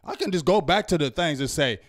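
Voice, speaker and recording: A man hosting a sports reaction show, ranting heatedly and yelling at times. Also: fairly high pitch, lively intonation, a little fast. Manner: loud, fired-up, repetitive, yells at times. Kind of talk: heated fan rant.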